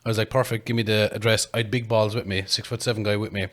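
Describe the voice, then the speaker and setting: A man, a podcast host telling a long story in casual chat, animated and laughing, with plenty of swearing. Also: lowish voice, fast.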